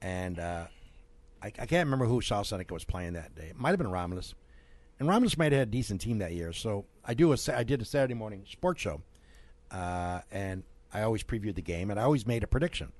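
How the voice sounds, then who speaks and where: A man's voice: on the low side, fast talker, dry recording. Middle-aged radio guy, chatty, laughs while telling stories, dead dry studio sound. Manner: animated storyteller, laughs mid-sentence. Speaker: radio show host. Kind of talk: casual storytelling and sponsor reads.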